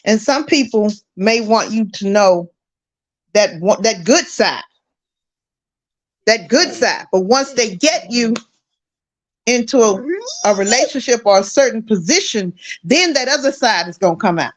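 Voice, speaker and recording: A woman's voice: a little high, expressive, measured pace, pauses often. A woman on a discussion panel, talking reflectively and restarting her thoughts. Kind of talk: casual discussion.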